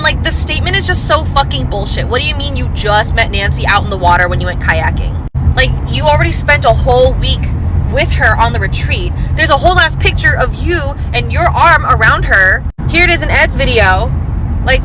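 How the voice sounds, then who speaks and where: A woman's voice: sits high, animated, brisk. A woman hosting a commentary channel, ranting angrily with heavy swearing and sarcasm. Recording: loud traffic noise behind.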